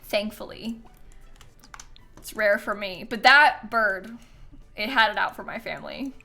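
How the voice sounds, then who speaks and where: A woman's voice: medium pitch, lively intonation, a little slow, gravelly, sharp tone, soft background music. A woman livestreaming a game, chatting casually and telling stories with frequent laughter. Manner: chatty storyteller, laughs often. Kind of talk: casual gameplay stream chat.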